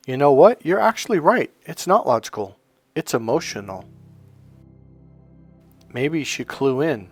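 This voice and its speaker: A man's voice: a little high, big pitch swings, unhurried, pauses often, slightly rough, dry recording, soft background music. A middle-aged man, a life coach, delivering an emphatic, preachy motivational monologue full of storytelling.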